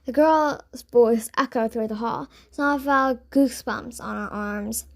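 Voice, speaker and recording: Brief: woman storybook narrator, high, expressive read-aloud. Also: unhurried, vocal fry. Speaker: audiobook reader.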